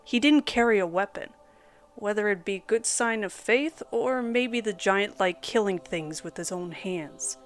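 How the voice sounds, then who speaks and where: Woman narrating a horror story. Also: mid-range voice. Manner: dramatic, measured storytelling. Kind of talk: scripted first-person narration. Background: soft background music.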